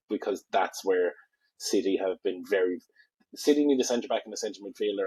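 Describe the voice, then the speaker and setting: A man co-hosting a casual fantasy football podcast, his voice lowish and husky. He talks through team picks analytically, thinking aloud with little fillers, and the sound is dry and close. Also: a little mellow, dry recording, low-quality recording.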